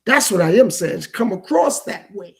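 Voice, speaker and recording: Guy doing a solo podcast rant, kinda high voice, husky, just talking it out loose and repeating himself. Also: very animated, moderate pace, a little mellow. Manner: loose, repetitive, reflective street-talk delivery. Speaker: podcast host. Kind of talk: casual solo podcast monologue.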